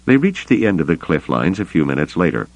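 A man narrating an audiobook in an expressive, varied storytelling manner. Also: deep voice, brisk, dry recording. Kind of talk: scripted narration. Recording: dull, muffled dry recording.

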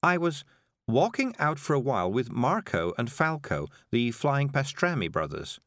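A gentle, chatty witch lady, as a man puts her on in a storybook, cheerful and rambling with a lilting, lively voice. The recording is dry and close. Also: medium pitch, normal speed, dry recording, voice pushed up. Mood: reminiscing. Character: kindly middle-aged female witch, gentle and chatty.

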